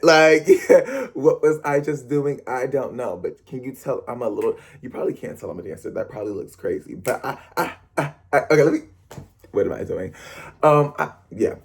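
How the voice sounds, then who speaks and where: Fast-talking young man with a husky voice. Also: mid-range voice. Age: young adult. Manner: fast-talking, animated, rambling with laughs and self-corrections. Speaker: stage performer and dancer. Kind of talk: casual talk to camera.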